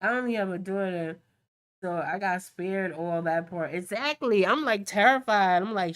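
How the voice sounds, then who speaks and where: Woman, casual chat, painting stream host, animated storyteller, mid pitch. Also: moderate pace. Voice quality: animated storytelling, acts out quoted talk. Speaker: art channel host; mother.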